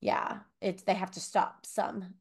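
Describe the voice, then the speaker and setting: A woman's voice: mid-range voice, level tone, slow, a little mellow, husky. A woman co-hosting a book podcast from home, chatting casually with many fillers and asides. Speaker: podcast co-host. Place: home room with bookshelves.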